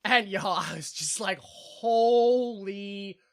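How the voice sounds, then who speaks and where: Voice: mid-range voice, expressive, moderate pace, bright, forceful tone. A young adult podcast co-host in casual comedic chat, recapping an episode with lots of laughs and silly voices.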